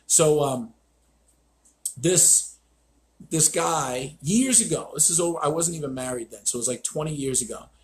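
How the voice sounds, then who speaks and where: A man's voice: fairly high pitch, animated, normal speed, long pauses. A man hosting a live stream as a dog trainer, telling stories in a blunt, profane, ranting way.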